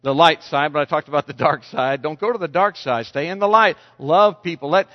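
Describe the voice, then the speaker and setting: A man preaching a sermon, telling a personal story in an animated, self-mocking way. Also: fairly high pitch, brisk, big-room sound, muffled recording. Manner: animated storytelling, self-deprecating, laughs at himself. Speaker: pastor.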